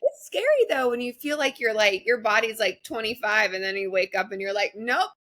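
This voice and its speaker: A woman's voice: medium pitch, steady tone, fairly quick, a bit bright. A young woman co-hosting a podcast, chatting casually and often laughing as she talks. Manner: chatty, laughs while talking. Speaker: podcast co-host. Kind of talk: casual chat.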